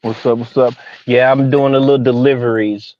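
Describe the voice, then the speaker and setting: A man's voice: mid-range voice, level tone, a little fast, no echo. A man joining a livestream as a guest, easygoing and laid-back in casual chat. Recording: dull lo-fi call audio.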